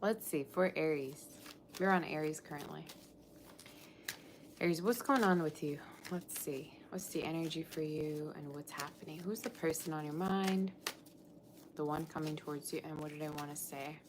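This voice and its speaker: Low-pitched woman, casual live tarot reader, distracted and chatty, light background hiss. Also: moderate pace. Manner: chatty, scattered, self-interrupting. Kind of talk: casual live-stream chat.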